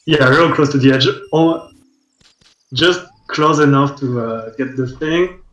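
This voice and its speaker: A man's voice: mid-range voice, a little slow, a bit bright, echoey room, muffled recording. A man commentating a game in a chatty, casual way, often restarting his sentences.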